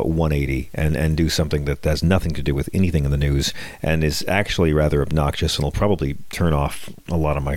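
A man's voice: extremely low pitch, dry recording. A middle-aged man hosting his own podcast, delivering a sardonic, wisecracking political comedy monologue with frequent restarts. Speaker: podcast host.

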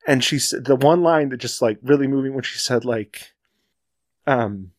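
A man in casual conversation about a film, getting choked up, halting and restarting as he recounts scenes. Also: medium pitch, dry recording, studio quality. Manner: emotional, halting, many restarts.

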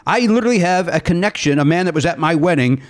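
A man hosting a podcast, telling stories in an excitable, animated way and laughing often. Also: a little high, fast. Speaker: podcast host. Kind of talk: casual chat.

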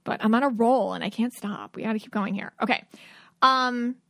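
A woman's voice: on the high side, normal speed, gravelly, bright, forceful tone, dry recording, studio quality. A woman in her thirties hosting a podcast, giving earnest, chatty advice in a casual, rambling way. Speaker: podcast host. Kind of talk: casual solo podcast talk.

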